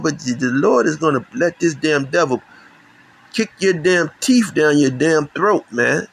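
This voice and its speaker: A middle-aged man from Chicago delivers a heated, profane religious rant. His voice is gravelly, and he speaks slowly and deliberately. He often trips over his words and starts his sentences again. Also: medium pitch, rough recording. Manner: heated, profane, repetitive restarts. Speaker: channel host. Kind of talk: ranting religious commentary.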